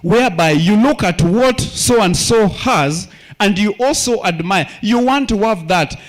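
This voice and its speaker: Male elder, high voice, sermon with call-and-response prompts. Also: animated, measured pace. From Kenya. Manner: call-and-response questions, repeats key phrases. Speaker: church elder preaching.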